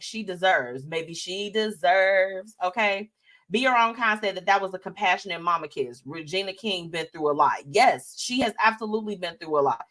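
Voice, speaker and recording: A woman hosting a live show, chatting casually about celebrity news in an animated, sassy way and reading out viewer comments. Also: medium pitch.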